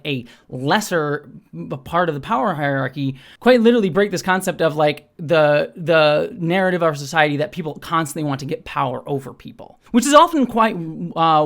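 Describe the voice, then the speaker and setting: A woman hosting her own channel, talking through a criticism in an unscripted, reflective way, with lots of fillers. She often speeds up or slows down, and her voice jumps up on words she stresses. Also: low-pitched. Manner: thoughtful, self-questioning, talks through ideas with frequent fillers. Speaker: channel host.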